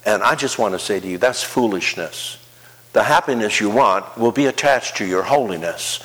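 A male pastor preaching a sermon, swinging between soft, low asides and rising, emphatic declarations. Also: animated, moderate pace, husky. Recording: long hall reverb.

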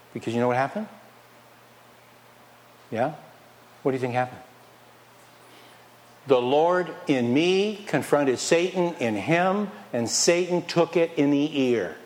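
A man preaching a sermon as pastor, lively and conversational, firing questions at the congregation and dropping from loud emphasis to near whispers. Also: fairly high pitch, slow, pauses often. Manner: animated, questions the congregation, swings from loud to quiet; playfully mocks excuses in a whiny put-on voice.

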